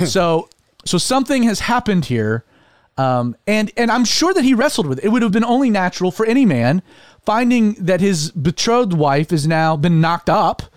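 High-voiced guy hosting a faith chat, animated, lots of restarts, dry close sound. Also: normal speed, dry recording. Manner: animated, with many fillers and restarts. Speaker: podcast host. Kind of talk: casual religious discussion.

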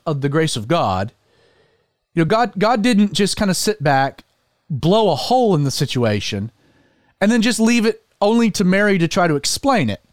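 A man hosting a casual religious discussion show, talking in an animated way with many fillers and restarts. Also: high voice, no echo, clean studio sound. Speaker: podcast host.

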